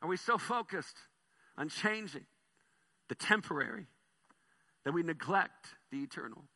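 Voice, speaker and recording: A man preaching a sermon as pastor, telling stories with animated swings between soft and loud delivery. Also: on the high side, a little slow.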